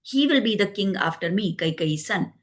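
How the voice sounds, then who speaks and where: A woman's voice: medium pitch, animated, normal speed. A woman giving a devotional discourse, explaining the story with frequent "you know" asides. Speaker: religious storyteller.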